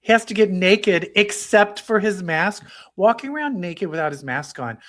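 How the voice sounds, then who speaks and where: A man with a somewhat high voice co-hosts a podcast, talking in a loose, excited way. He gushes and swears freely as he recaps. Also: normal speed. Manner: excited, profane, gushing. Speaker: podcast co-host. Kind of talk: casual chat.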